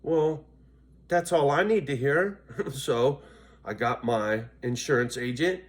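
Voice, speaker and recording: Speaking slowly in a mid-range voice, this tired middle-aged vlogger chats loosely with his audience. He's loopy and profane, and keeps tossing in "right?"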